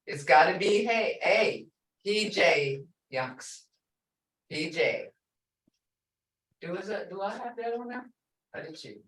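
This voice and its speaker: A woman teaching a language class over a video call, explaining slowly and repeating example words with patience. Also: sits low, fairly bright tone. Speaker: language instructor. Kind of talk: online language lesson. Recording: roomy, distant mic.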